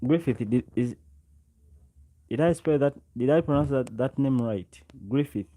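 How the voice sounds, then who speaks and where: Mellow-voiced man chatting live. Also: medium pitch, a little slow. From Uganda. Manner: chatty, greets viewers by name and repeats himself often. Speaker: livestream host. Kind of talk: casual live chat with viewers. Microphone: own microphone, close.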